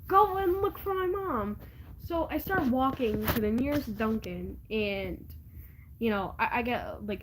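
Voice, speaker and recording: A woman's voice: a little high, slight background noise, rough recording. Rambling, giggly teenage girl. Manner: rambling, halting, many fillers and restarts, giggly. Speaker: vlogger. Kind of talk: casual storytelling.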